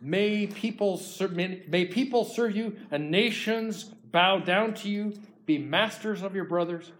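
A man playing an old patriarch giving a blessing, slow and grave, raised and declaiming with a voice pitched a touch high. the words land heavy and deliberate. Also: fairly bright tone. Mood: solemn. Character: aging patriarch father pronouncing solemn blessings.

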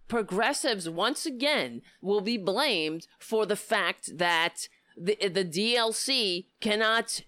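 A woman hosting a political talk show, giving impassioned, indignant commentary with a hoarse voice. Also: medium pitch, expressive, slow, no room sound. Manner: impassioned, indignant, rising to near-shouting.

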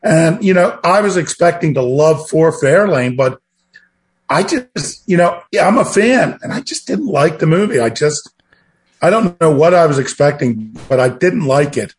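A man's voice: fairly high pitch, expressive, normal speed. A man in a casual chat, talking in a rambling, reflective way. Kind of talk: casual chat about movies.

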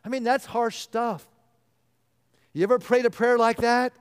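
A male pastor delivering an earnest sermon, often dropping to a hushed voice to stress a point. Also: very high voice, steady tone, measured pace, clean tone. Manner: earnest, drops to a hushed voice for emphasis. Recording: long reverb of a large hall.

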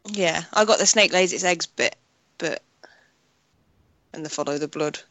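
A co-host in casual conversation, quick to agree and add their own take. The voice is bright and the room is dry and close. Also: mid-range voice, no echo. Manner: chatty, chiming in with quick agreement. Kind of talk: casual podcast chat.

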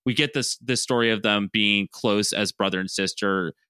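A woman's voice: a bass voice, normal speed, clear, resonant tone, no echo, clean studio sound. A woman co-hosting a casual podcast, chatting about a cartoon episode and acting out characters' lines. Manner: animated, acts out characters' lines. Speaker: podcast co-host. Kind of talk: casual chat recapping a cartoon.

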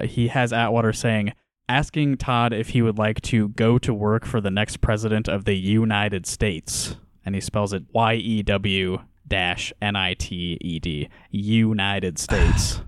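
A man co-hosting a podcast in a relaxed, casual chat, reading book passages aloud and commenting with frequent laughs. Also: on the low side, a little slow, clear, resonant tone, no echo, studio quality. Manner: relaxed, laughs often, reads quotes then comments. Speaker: podcast co-host.

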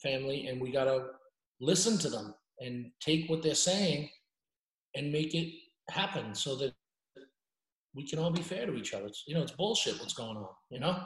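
A man's voice: mid-range voice, animated, moderate pace, a bit bright, roomy sound, rough recording. Blunt, rambling man. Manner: blunt, rambling, restarts often. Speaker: journalist guest. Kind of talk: casual podcast interview.

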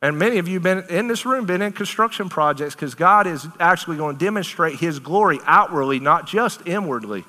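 A man with a bright, forceful voice preaches with passion, pressing hard on his points and then slipping into easy talk with his listeners. He sits a little high in his voice. The sound rings out with a long reverb, as in a large hall. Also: brisk, hardly any pauses. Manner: animated, emphatic, conversational preaching with Southern turns of phrase. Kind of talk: sermon.

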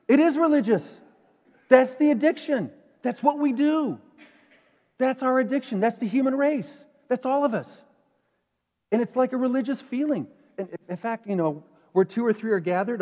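A male pastor preaching a sermon in a conversational, animated way, asking the congregation questions. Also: very high voice. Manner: animated, acts out inner voices. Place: church sanctuary. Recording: dull reverberant church hall.

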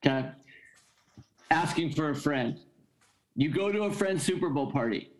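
A man's voice: fairly high pitch, expressive, normal speed, rough recording. A man hosting a casual sports podcast, reading listener questions in a wry, joking way. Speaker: podcast host reading mailbag.

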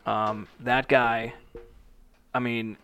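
A man's voice: medium pitch, little pitch movement, very slow, pushed and bright, clean tone, no echo. A young man co-hosting a podcast, telling loose stories full of swearing and quoted voices in casual chat. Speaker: podcast co-host.

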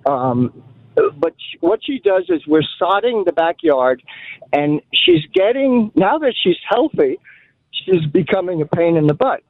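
A man's voice: sits high, sing-song, a little slow, no room sound. Male caller on a tinny phone line. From Long Island, New York. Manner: rambling storyteller, wry. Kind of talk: phone-in conversation. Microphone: telephone.

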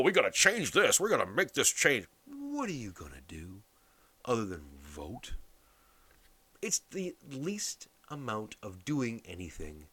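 Lively, swearing Canadian man ranting. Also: medium pitch, slightly rough, no room sound. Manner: blunt, sarcastic, heavy swearing. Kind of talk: profane political rant.

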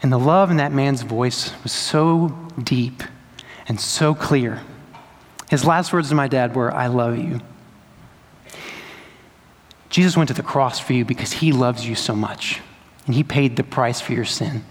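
A young adult man, preaching a sermon as a pastor in a conversational, storytelling way with lively asides. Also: medium pitch, a little slow, long pauses. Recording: long hall reverb.

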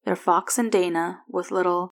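A woman narrating a fan fiction story aloud, softly and evenly. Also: lowish voice, steady tone, moderate pace.

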